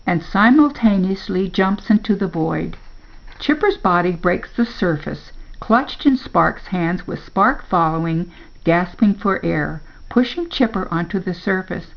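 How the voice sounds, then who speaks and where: An older woman, a grandmother, reading a children's story aloud in a slow, gentle storybook manner. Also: fairly low pitch, expressive, vocal fry, lo-fi sound.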